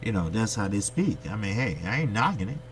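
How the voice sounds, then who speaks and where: A man's voice: lowish voice, sing-song, a little fast, a little hiss or hum. A man from the United States hosting his boxing channel, giving a blunt, profane, opinionated monologue and firing rhetorical questions at his viewers. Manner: blunt, profane, ranting delivery.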